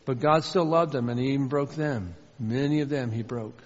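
A man preaching a sermon with earnest emphasis, swinging between loud stressed lines and soft low asides. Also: normal speed. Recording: muffled sound with long hall reverb.

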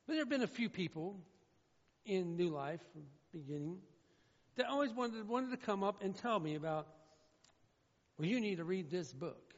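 A man's voice: high voice, expressive, fairly quick. A male pastor preaching a sermon in an earnest, emphatic way, repeating his key phrases. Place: church sanctuary. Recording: muffled sound in a reverberant church hall.

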